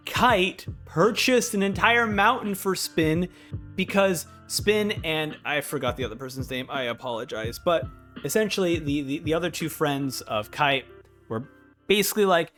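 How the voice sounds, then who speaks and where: A young man in casual review commentary, talking with a slightly high-pitched voice. He is excitable and swings between hyped outbursts and somber stretches. Faint music plays underneath. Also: moderate pace. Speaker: anime reviewer.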